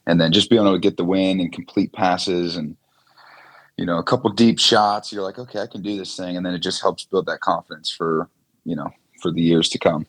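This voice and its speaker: A man in his twenties, a former quarterback, telling stories as a guest in a casual interview, relaxed with many fillers. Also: sits low, a little fast.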